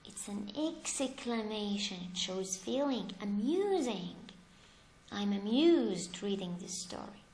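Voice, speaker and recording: Speaking at a medium pitch and a slow pace, a woman teaches English grammar in an echoey room. She poses questions to her class and answers them herself while working through each example. Her slow, deliberate explanation is lively, with rising emphasis on the examples.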